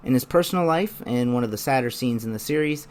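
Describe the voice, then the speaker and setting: A young man narrating a scripted video essay in a measured, explanatory way. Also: medium pitch, lively intonation.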